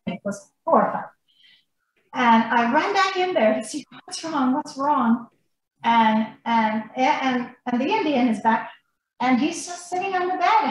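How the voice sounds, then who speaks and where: Podcast guest, woman, chatty storyteller, higher voice, heavy room echo. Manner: animated, rambling, laughs between lines. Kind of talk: casual storytelling. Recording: very echoey room, faint noise.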